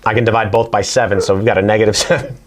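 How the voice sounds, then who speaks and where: A man's voice: fairly low pitch, fairly even intonation, racing. A man teaching a casual whiteboard math lesson, chatting as he works through problems. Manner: chatty, talks to his barking dog between problems.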